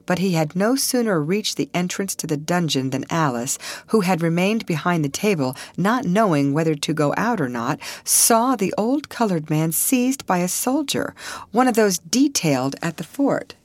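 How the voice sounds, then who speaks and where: A woman narrating an audiobook in a steady, expressive storytelling manner. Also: on the low side, normal speed, no echo. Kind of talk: scripted narration.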